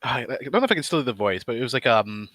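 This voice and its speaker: Bright-voiced man telling a rambling story. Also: mid-range voice, lively intonation, racing, no echo. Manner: rambling, with many fillers and laughs. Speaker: stream host. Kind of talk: casual storytelling chat.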